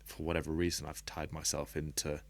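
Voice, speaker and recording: A man who plays rugby, a guest on a podcast, talking in a reflective and open way and laughing softly now and then. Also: very deep voice, monotone, a little fast. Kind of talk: candid podcast conversation.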